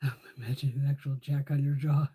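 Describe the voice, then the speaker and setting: A woman with a very deep, dark voice and a breathy edge talks fast with little pitch movement. She's hosting a beauty livestream, rambling casually, swearing a lot and laughing often.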